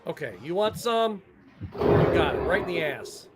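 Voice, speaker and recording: A man hosting a livestream and giving casual gameplay commentary, excitable and joking, swearing at the game now and then. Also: high voice, normal speed, over loud music. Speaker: livestream gamer host.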